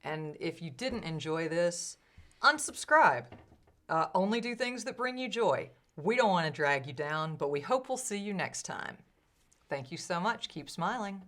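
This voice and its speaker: A woman with a fairly low voice co-hosts a relaxed podcast. She talks in a lively, chatty way, giving advice with quick restarts and a light improviser's energy. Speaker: podcast co-host. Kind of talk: casual chat.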